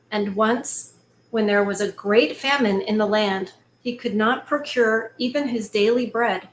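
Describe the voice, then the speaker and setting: A woman reading a fairy tale aloud and breaking off into chatty, excitable asides. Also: mid-range voice, slight background noise. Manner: excitable, chatty, animated commentary. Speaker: storyteller host. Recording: echoey room, faint ambience.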